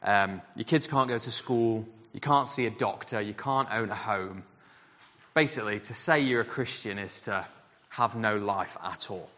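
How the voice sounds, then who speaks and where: Guy preaching, bright tense voice, big echoey church hall, kinda muffled. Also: on the low side, normal speed. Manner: animated storyteller, acts out quoted voices. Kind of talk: sermon storytelling. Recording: dull sound with long hall reverb.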